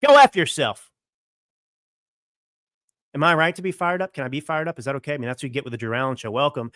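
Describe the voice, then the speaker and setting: A man's voice: mid-range voice, very fast, bright, forceful tone, no room sound, clean studio sound. A young adult man hosting his own political show, delivering an indignant, combative monologue full of rhetorical questions. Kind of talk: fiery political commentary monologue. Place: California home studio.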